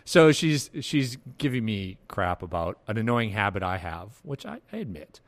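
A man hosting a casual podcast chat, animated and quick to laugh. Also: lowish voice. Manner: animated, quick to laugh and jump into put-on voices. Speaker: podcast host.

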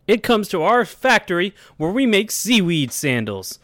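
An overeager infomercial pitchman, played by a man for a mock ad, pushing his product hard. The patter swoops and rises in a fairly high voice. It sounds dry and close. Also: big pitch swings, measured pace, a bit bright, no echo, exaggerated voice. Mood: pushy. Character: overeager male sandal pitchman.

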